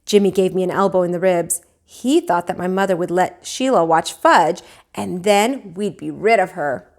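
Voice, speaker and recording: A woman teacher reading a children's book aloud, with expressive, animated storytelling. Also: on the low side, normal speed.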